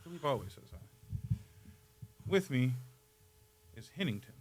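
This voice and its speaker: A man hosting a comedy podcast while putting on a playful impression of a soft-spoken TV painter, laughing often. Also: medium pitch, very animated, a little slow. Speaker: podcast host. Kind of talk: comedic Bob Ross impression.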